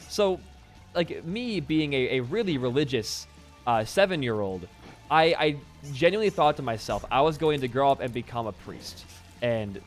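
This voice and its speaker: Young man, casual gameplay commentary, animated up-and-down voice, faint music behind. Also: medium pitch. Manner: rambling, self-deprecating, swears freely. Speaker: gaming YouTuber.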